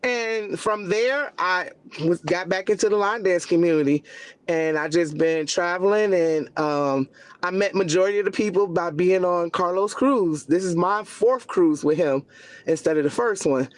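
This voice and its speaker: A woman in her forties from Cleveland, a line dancer guest telling stories and acting out quotes in casual chat. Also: moderate pace. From Cleveland, USA. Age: 40s. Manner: storytelling, acts out quotes with pitch jumps.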